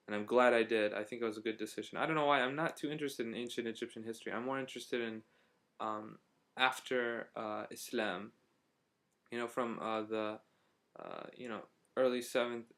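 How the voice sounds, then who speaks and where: A young man from Syria telling a casual spoken travel diary, rambling and hesitant, with frequent fillers and restarts. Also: medium pitch. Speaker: vlogger.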